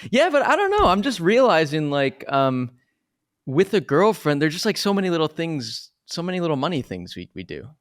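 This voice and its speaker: A man's voice: a little high, wildly swooping pitch, a little fast. A young man co-hosting a podcast in casual chat, chatty and self-mocking with lots of fillers. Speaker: podcast co-host.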